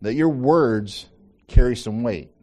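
A man's voice: mid-range voice, takes it slowly, mellow. A man leading an informal Bible study for a small group, talking conversationally, repeating phrases for emphasis and asking the group questions.

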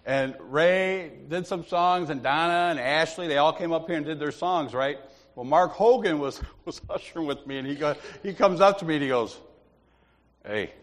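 Guy giving a folksy sermon, laughs a lot, acts out his stories, echoey church. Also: on the high side. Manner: storytelling, laughs often, acts out others. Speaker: lay preacher. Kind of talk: informal sermon with anecdotes. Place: church sanctuary. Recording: long hall reverb.

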